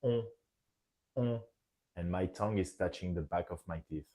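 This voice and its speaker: A man with a French accent gives a scripted pronunciation lesson on French nasal vowels, carefully demonstrating each sound. His voice is deep, dark, and steady, and he talks fast.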